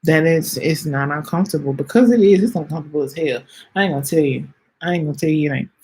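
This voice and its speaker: A woman in her late twenties hosting a podcast, speaking in a heartfelt, halting way, close to tears, often repeating her phrases and talking straight to her listeners. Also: low-pitched, a little mellow, slightly rough. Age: late 20s. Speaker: podcast host. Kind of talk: heartfelt personal reflection.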